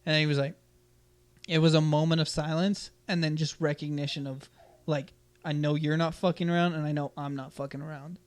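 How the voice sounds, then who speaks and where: A young podcast host talks a little fast in a fairly high voice, telling a school story in casual chat. Animated and freely swearing, he loudly acts out what people said.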